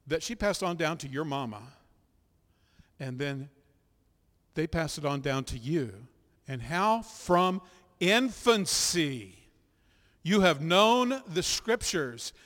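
A middle-aged man preaching as a pastor, leading his congregation in loud spoken confessions and scripture, with relaxed, chatty asides. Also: high voice. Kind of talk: sermon. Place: church sanctuary. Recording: echoey hall with long reverb.

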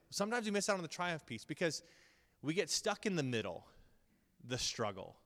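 A man's voice: mid-range voice, a bit bright, clear, resonant tone. Man preaching in a reverberant hall. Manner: casual and earnest, with many ums and restarts. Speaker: Bible school teacher. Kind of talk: conversational sermon.

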